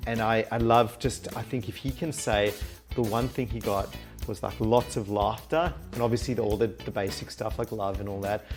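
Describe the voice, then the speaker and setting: Give me an animated Australian storyteller, low voice. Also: male voice, normal speed, faint music behind. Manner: animated storyteller, acts out quotes, laughs often. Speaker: guest, mindset and life coach. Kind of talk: casual interview chat.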